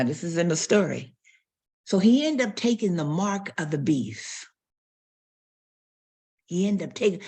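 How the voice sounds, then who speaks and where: A woman's voice: lowish voice, darkish tone, husky. A woman pastor preaching a sermon, telling stories and acting out quotes and barking sounds.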